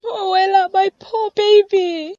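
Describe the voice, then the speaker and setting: A woman's voice: very high voice, fairly even intonation, slow, dark tone, muffled recording. A woman voicing Susan, a grieving mother, in a cartoon, speaking tearfully. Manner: tearful, distraught.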